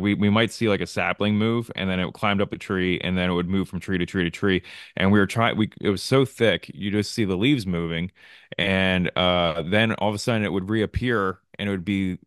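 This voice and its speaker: A man's voice: low voice, a bit bright, clear, resonant tone, no echo, clean studio sound. A man with a Midwestern American accent sharing a hunting story in a webinar, speaking with many fillers. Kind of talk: webinar discussion.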